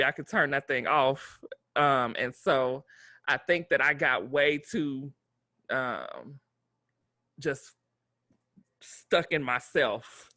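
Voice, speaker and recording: A man co-hosting a podcast in casual chat, expressive with playful asides. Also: mid-range voice, dry recording, studio quality. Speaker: podcast co-host.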